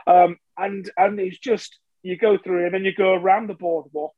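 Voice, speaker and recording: A man's voice: sits high, level tone, normal speed, no room sound, phone-quality sound. Chatty, self-mocking man. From England. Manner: chatty and self-mocking, with frequent fillers and restarts. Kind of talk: casual storytelling.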